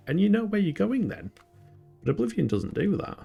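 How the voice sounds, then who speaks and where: Here a UK man with a northern English accent laughs at himself as he casually commentates on a game stream, chatty and often amused. His voice is high-pitched, very animated and warm, with vocal fry and a breathy edge, at a moderate pace over soft background music.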